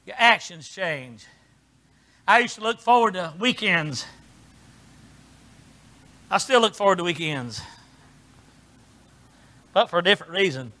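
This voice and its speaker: A middle-aged preacher man with a high, bright voice. He talks in a folksy, down-home way, dropping to soft asides and then rising to shouted preaching. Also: animated, unhurried, pauses often. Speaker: pastor. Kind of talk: sermon.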